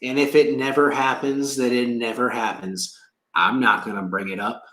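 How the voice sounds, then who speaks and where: A man's voice: medium pitch, fairly even intonation, normal speed, bright, forceful tone, roomy sound, rough recording. A man doing oracle card readings on his own channel, talking in an emotional, rambling way and swearing a lot. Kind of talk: casual livestream rant and card reading.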